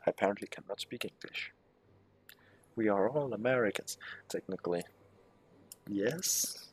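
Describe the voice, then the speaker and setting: Brief: a low, husky male let's player who reads game text aloud and swears under his breath, with faint music behind. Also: a little slow. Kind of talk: casual gameplay commentary.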